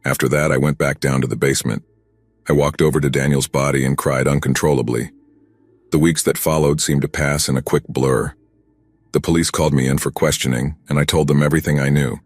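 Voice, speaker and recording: A man narrating a first-person horror story in a steady, grim, scripted telling. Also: rumbling low, brisk, husky, no room sound.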